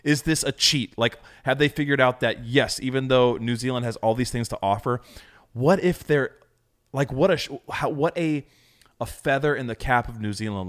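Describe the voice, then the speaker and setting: A man's voice: mid-range voice, normal speed, fairly bright tone. A man co-hosting a casual podcast chat, talking enthusiastically and rambling with lots of fillers. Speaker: podcast co-host.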